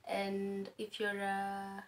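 A woman's voice: medium pitch, monotone, extremely slow, soft background music. A young woman with a Kenyan accent, chatting as a guest and giving friendly advice, laughing at her own stories. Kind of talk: casual advice-giving conversation.

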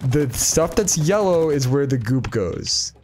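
Teasing young man, lively pitch. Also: unhurried, background noise. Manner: joking, teasing, bursts into shouts. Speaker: gaming YouTuber. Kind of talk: casual let's-play commentary. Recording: voice over game music.

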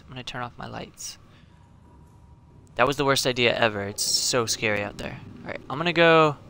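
A man giving excitable, joking commentary on his own gameplay, often exclaiming at what he sees. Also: on the high side, a little hiss or hum. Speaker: gaming channel host. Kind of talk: let's play commentary.

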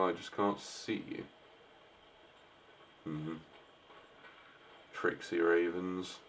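Speaking extremely slowly and pausing often, a man with a deep voice comments on the game he's playing, with slight background noise behind him. The streamer keeps it casual and joking, talking back to the characters in a let's-play style.

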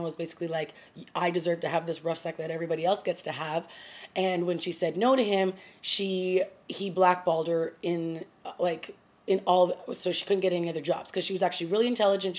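A woman's voice: lowish voice, darkish tone. A woman talking casually to camera as a TV review vlogger, retelling scenes with quoted lines and small laughs. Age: adult. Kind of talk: casual chat.

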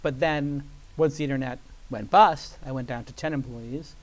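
Speaking at a moderate pace in a medium-pitched voice, a man being interviewed tells a lengthy story in front of a live audience. He's animated, performs the voices of the characters, and fills his speech with lots of "like."

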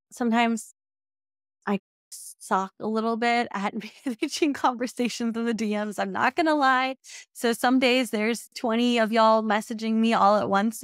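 A woman's voice: medium pitch, no echo. A young adult woman speaks on her own podcast as a business coach. Her talk is casual and heartfelt, and she sounds close to tears at times. The recording is dry, with no room sound. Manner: heartfelt, emotional, says y'all often.

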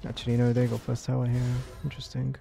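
A man's voice: medium pitch, completely flat delivery, fast, vocal fry, background noise. A man streaming his live gameplay with frustrated, swearing commentary, often chanting words over and over. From Europe.

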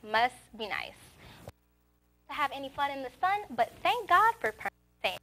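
A woman's voice: high voice, big pitch swings, moderate pace, sharp tone. A young woman presenting campus event announcements in a cheerful, breezy scripted read. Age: young adult.

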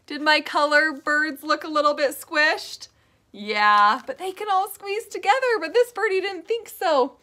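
A woman teaching an interactive preschool lesson and reading aloud, animated, gasping with excitement and asking the children questions. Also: high voice, unhurried.

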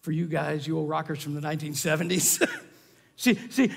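A middle-aged man preaching a sermon as pastor, swinging dramatically between shouting and whispering. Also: on the high side, little pitch movement, a little fast, creaky. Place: large church sanctuary. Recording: echoey church hall.

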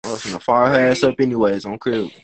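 A man hosting a casual live stream from home, loud and joking, with profane banter. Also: mid-range voice, fairly even intonation, quick pace, a crowd in the background. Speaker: livestream host. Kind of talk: casual livestream chat.

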